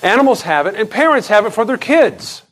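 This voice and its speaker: A middle-aged pastor, very animated and fairly quick with a slightly bright voice, preaches conversationally, restarting and drifting into asides. Emphasis sends his pitch sharply higher, and the recording is low quality.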